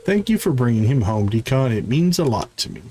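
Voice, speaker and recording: A man's voice: medium pitch, very animated, mellow, a little hiss or hum, lightly acted. A man voicing a doting pet owner who speaks tenderly and coos over an injured cat. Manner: tender, fussing, slow cooing. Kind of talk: reading game dialogue aloud in voices.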